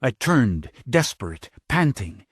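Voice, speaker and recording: A man's voice: sing-song, husky, no echo. A man narrating an audiobook in a dramatic, intense way, close to a studio mic. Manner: slow, low and intense, rising to urgent cries.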